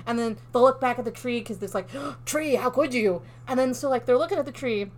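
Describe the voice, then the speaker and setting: A woman with a fairly high voice talks fast as a podcast co-host in casual chat. She's playful and laughing, acting out characters as she tells her stories.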